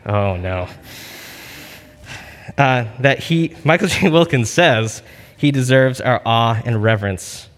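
A man's voice: mid-range voice, slow, long pauses. Chatty male preacher with long reverb. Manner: conversational, storytelling, many fillers. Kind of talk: casual sermon.

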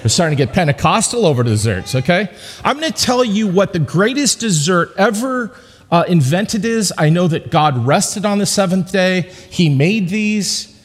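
A man's voice: sits high, expressive, normal speed, in a large hall. A man preaching a sermon in a church, conversational and joking with the congregation, driving points home with emphatic repetition. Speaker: pastor. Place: church sanctuary.

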